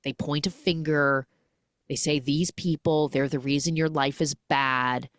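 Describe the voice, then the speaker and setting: A woman's voice: low-pitched, steady tone, measured pace, no echo, studio quality. A woman voicing a worried, earnest older mother in a podcast recap.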